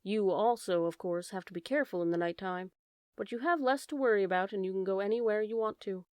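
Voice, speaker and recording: A woman reads a classic storybook aloud in a calm, measured way. Her voice sits in a middle register and is recorded dry and close, with no room sound. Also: mid-range voice, clean tone, no echo. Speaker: audiobook narrator. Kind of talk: storybook reading.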